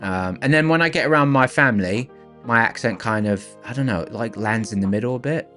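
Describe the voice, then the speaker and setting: A man in his thirties with a Philadelphia accent talks loosely to his viewers. His voice sits at an ordinary pitch, and he rambles with plenty of "uh" and "um." Soft music plays faintly behind him. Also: a little fast. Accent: Philadelphia American. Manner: relaxed, rambling, many fillers. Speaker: livestream host. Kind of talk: casual chat with viewers.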